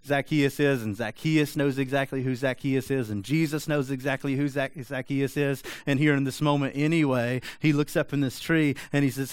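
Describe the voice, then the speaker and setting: A man preaching a sermon in a conversational, animated way with frequent rhetorical asides. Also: medium pitch, normal speed, clean tone, no room sound. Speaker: pastor.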